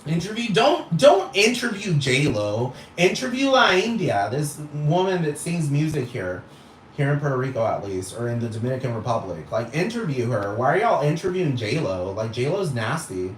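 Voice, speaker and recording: A man's voice: on the high side, very animated, moderate pace. A man ranting on a vlog, exasperated and profane, piling up rhetorical questions. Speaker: vlogger. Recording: roomy echo with faint noise.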